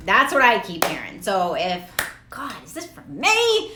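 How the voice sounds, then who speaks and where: A woman's voice: fairly high pitch, wildly swooping pitch, slow, reverberant, background noise. A woman doing a casual tarot reading vlog, talking in a rambling, profane and laughing way. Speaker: tarot reader.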